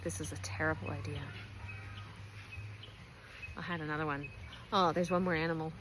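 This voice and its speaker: A woman's voice: low voice, steady tone, moderate pace, background noise. A woman, a race organiser giving a chatty, playful briefing, recorded at a distillery pizzeria. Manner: chatty, playful, self-mocking. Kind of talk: casual race briefing video.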